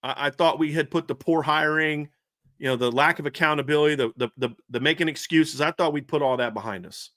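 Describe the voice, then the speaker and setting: A man co-hosting a sports podcast rants heatedly about his team's coaching, fired up, repeating himself and restarting. His voice is on the high side, fairly bright, a little fast, recorded with studio quality and no room sound.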